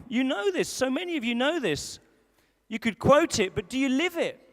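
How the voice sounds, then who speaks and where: A man's voice: extremely high pitch, sing-song, moderate pace, fairly bright tone. A man preaching a sermon, telling a self-deprecating story and acting out a grumpy mutter and his wife's fussing. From England. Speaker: pastor. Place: large school hall. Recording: long hall reverb.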